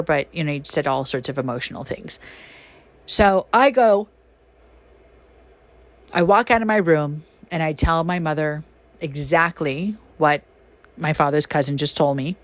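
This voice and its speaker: A woman with a somewhat low voice hosts a spoken podcast and tells her stories as casual talk. She is chatty, full of fillers, and jumps up in pitch when something excites her. Her delivery is animated and emphatic. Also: a little slow, pauses often. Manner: chatty with many fillers like "you know". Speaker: podcast host and shaman. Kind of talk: casual storytelling monologue.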